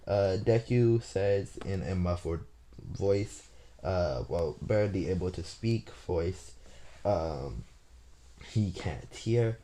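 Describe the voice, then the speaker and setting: Male storyteller, deep and mellow voice, loosely improvising a fan story while working out the plot aloud. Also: animated, slow pace. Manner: thinking aloud, plotting as he goes. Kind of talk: casual improvised story retelling.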